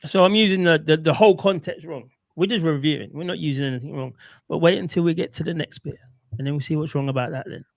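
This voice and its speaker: Reviewing clips, a man with a gravelly, fairly high voice talks fast in casual, opinionated commentary. He rambles, repeats himself, and keeps asking "right?", with no room sound on the recording.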